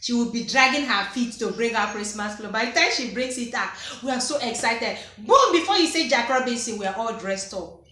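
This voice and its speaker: A Nigerian woman in her thirties tells childhood stories in a lively, teasing way and laughs often. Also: fairly high pitch, fairly quick. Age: 30s. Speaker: vlogger. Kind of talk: unscripted personal storytelling. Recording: echoey room.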